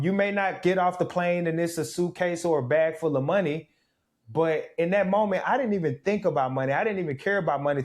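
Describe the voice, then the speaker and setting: Guy from mississippi telling his story, kinda higher voice, gets animated. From Mississippi, USA. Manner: reflective, animated storytelling with laughs. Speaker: guest, former pro football player. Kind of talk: storytelling in a casual interview.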